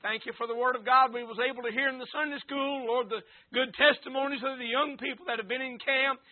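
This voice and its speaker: A man preaching a sermon as a visiting preacher, reading scripture and praying, often rising to a shout. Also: very high voice, steady tone, fast. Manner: shouting preacher cadence, fervent. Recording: tinny phone-like recording.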